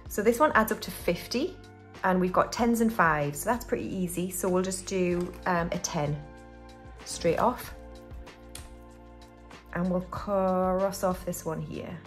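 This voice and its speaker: Soft background music plays as a UK budgeting channel host talks in a lowish voice at a measured pace with long pauses. Her cash-stuffing commentary is casual, as she counts money out loud and narrates each step to herself.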